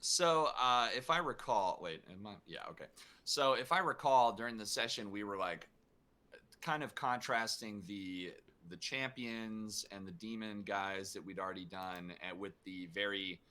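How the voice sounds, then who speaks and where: A man talking as a guest voice actor in a casual panel chat, animated and laughing often. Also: on the low side, clean tone. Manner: animated, laughing, quick bursts.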